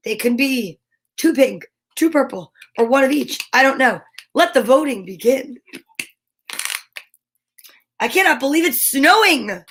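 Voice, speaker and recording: A high-pitched woman chats in a bright, bubbly way as she hosts a live stream. She greets viewers by name and talks to them in a friendly, casual tone. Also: a little hiss or hum. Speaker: host.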